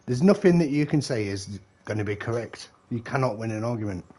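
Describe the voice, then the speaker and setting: A man's voice: medium pitch, lively intonation, a little fast, mellow, slight background noise. Forties man, gamer, chatty and swearing, frequent laughter. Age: 40s. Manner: rambling, laughs often, swears. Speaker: game streamer. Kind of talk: casual chat.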